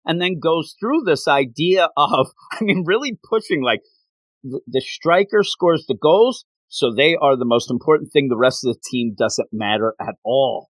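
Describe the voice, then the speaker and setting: A man hosting a casual chat recapping an anime, talking in a rambling, animated way and laughing often. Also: fairly high pitch, normal speed, dry recording, poor audio.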